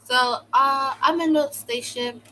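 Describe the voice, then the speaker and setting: Young adult woman, US-born vlogger, casual storytime rant, sarcastic and dramatic, full of "like", crisp bright tone. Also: high voice, steady tone, a little slow, slight background noise, poor audio. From United States. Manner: exaggerated, sarcastic, fills speech with "like". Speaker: vlogger telling a personal story.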